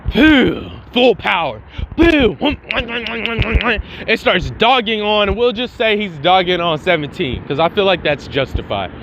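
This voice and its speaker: High-voiced man telling a fan story. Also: unhurried, muffled recording, background noise. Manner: animated, slangy, mouths fight sound effects. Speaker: fan channel host. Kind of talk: casual storytelling narration.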